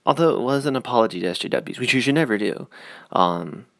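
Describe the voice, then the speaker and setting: A man's voice: medium pitch, expressive, fast talker, vocal fry, dry recording, clean studio sound. A man rambling through a casual opinion vlog, full of fillers and sarcastic asides. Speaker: YouTube commentator.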